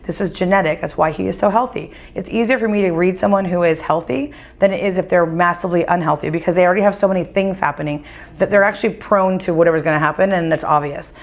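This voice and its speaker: Woman medium telling stories, acts out the quotes, lowish voice. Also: fast. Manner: animated, acts out quoted dialogue. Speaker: psychic medium guest. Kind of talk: casual storytelling conversation. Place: winery.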